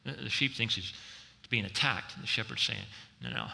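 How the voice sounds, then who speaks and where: Man, middle-aged pastor, sermon, very bright forceful voice, loud-to-soft animated preaching, long hall reverb. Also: on the low side, creaky. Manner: animated preaching, swinging between loud emphasis and soft slow reflection.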